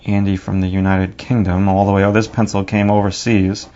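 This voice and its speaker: A man's voice: sits low, little pitch movement, a little fast, dark tone, lo-fi sound. Man with a New York accent teaching drawing. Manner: casual, thinking aloud while working. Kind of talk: narrated drawing tutorial.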